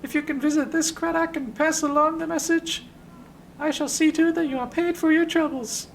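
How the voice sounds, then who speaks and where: A high-pitched fawning messenger. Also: male voice, steady tone, brisk, vocal fry, a little hiss or hum, poor audio. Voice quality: high falsetto voice. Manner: flowery, overly polite. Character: effeminate heavy-set male messenger, fawning and apologetic.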